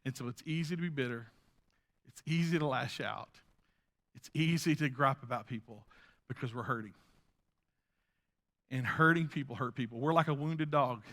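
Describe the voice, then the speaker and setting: A male pastor preaching a sermon in an animated way, swinging from loud bursts down to hushed asides. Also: medium pitch, normal speed, pauses often.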